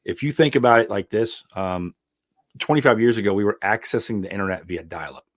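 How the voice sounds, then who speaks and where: A man's voice: lowish voice, brisk, no room sound, studio quality. A man who is an ironworker and mentor, a podcast guest, giving earnest, emphatic advice with frequent fillers. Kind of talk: casual interview chat.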